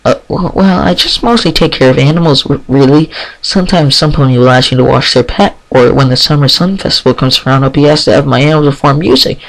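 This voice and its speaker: A man's voice: on the high side, fast, close to an everyday voice, low-quality recording. A man voicing a painfully shy female pegasus pony who stammers and hesitates.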